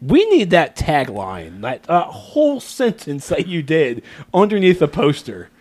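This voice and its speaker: High, lively, giggly young man host. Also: a little slow. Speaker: podcast host. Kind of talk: casual chat.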